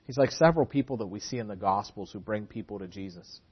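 A man's voice: lowish voice, quick pace, husky, dull audio. A man preaching a sermon, earnest, often repeating words for emphasis.

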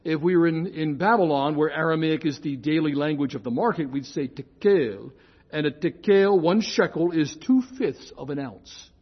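An older man lecturing on scripture in a chatty, digressive classroom way, often correcting himself and slowing to spell out key terms. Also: a little high, slightly rough, lo-fi sound.

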